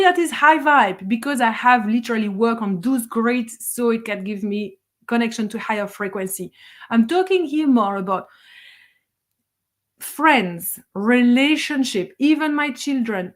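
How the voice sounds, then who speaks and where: A middle-aged woman, a spiritual teacher, giving a blunt, fiery motivational monologue, swearing for emphasis and laughing between points. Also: fairly high pitch.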